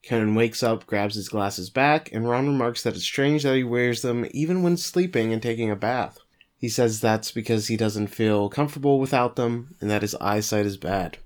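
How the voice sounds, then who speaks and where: Male podcast co-host at a middle pitch, recapping episodes in an easygoing summary style. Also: normal speed. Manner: steady plot summary with occasional fillers.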